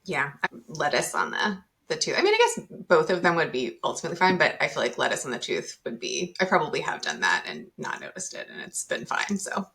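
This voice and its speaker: A woman's voice: sits low, huge pitch swings, brisk, hardly any pauses, fairly bright tone. A woman psychologist, a guest on a podcast, explaining her work in a thoughtful, casual way with many fillers and restarts.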